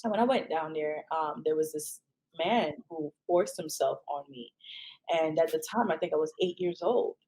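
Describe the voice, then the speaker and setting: Animated woman telling a story. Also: moderate pace, slight background noise, low-quality recording. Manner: animated storyteller, pitch jumps high when quoting people; frequent "um" and "right?". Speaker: podcast host. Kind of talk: casual chat.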